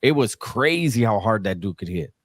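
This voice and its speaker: A man hosting a casual livestream, telling stories in an animated way and answering chat comments. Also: lowish voice, moderate pace, no echo. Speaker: livestream host.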